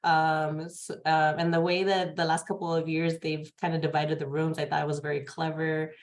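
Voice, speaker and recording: A woman in a casual group discussion, speaking hesitantly with many pauses and fillers. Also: sits low, little pitch movement. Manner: hesitant, many ums and uhs. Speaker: Jedi community member.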